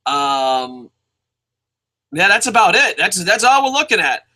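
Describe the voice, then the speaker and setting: A man hosting a casual wrestling show review, excitable and profane, rambling with restarts and bursting into shouts. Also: high voice, measured pace.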